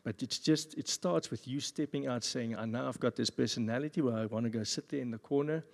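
A man's voice: mid-range voice, a little fast, gravelly. Man preaching in an echoing church hall. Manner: jokey, animated asides with acted voices. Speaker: pastor. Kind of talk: sermon. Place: church service. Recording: long reverb of a church hall.

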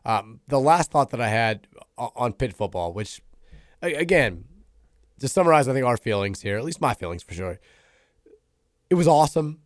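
A hoarse man hosting a sports talk radio show, quick and chatty with frequent restarts, on a studio microphone. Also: medium pitch, big pitch swings, dry recording.

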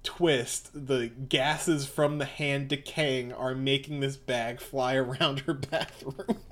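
A man's voice: mid-range voice, fairly even intonation, slow, hardly any pauses, fairly bright tone. A man reading through a comic aloud in casual, bemused chat. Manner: bemused, rambling.

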